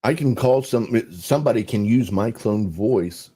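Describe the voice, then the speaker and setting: Low, mellow older man explaining slowly. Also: lively intonation, breathy edge. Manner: measured, explanatory, trails off softly. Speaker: guest. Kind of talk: casual podcast conversation.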